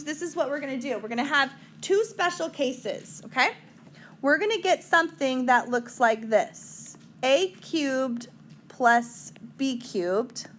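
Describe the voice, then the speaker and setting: Chatty high-voiced woman math teacher. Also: a bit bright, slight background noise. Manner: chatty, joking, talks to students. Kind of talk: whiteboard math lesson.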